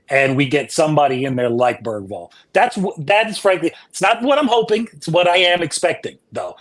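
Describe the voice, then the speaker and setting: A man's voice: fairly high pitch, fairly bright tone. Chatty man giving match predictions. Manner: chatty, says "man" often, analytical. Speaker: panelist. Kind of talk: casual fan-show chat.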